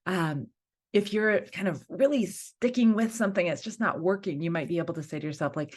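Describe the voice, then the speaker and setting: A woman's voice: medium pitch, sing-song, fairly quick, a little mellow. A woman hosting a self-help video, giving advice in a chatty way and often checking in with "right?". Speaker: host. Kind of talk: casual advice talk to camera.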